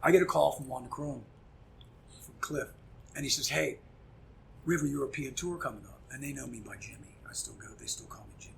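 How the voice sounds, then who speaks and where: A middle-aged man, a punk musician guest, telling a story in casual chat, animated and profane, acting out quoted dialogue. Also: mid-range voice, fairly quick, gravelly, slight background noise.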